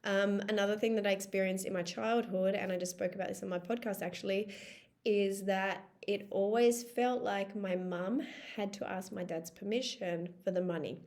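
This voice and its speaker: A woman's voice: mid-range voice, steady tone, normal speed, a little mellow. A woman in her thirties, a life coach, talking in a casual, emphatic vlog style with the odd swear word.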